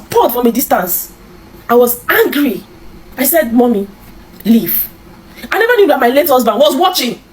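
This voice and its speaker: A Nigerian woman telling her own life story in an interview, halting and repeating herself, with many restarts. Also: high voice, a little hiss or hum, rough recording. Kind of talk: emotional personal storytelling.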